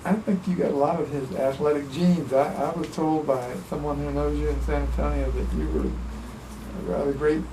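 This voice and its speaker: A man's voice: a little high, lively intonation, normal speed, hardly any pauses. A man interviewing an older guest for an oral history, prompting him with encouraging questions. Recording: roomy, distant mic with background noise.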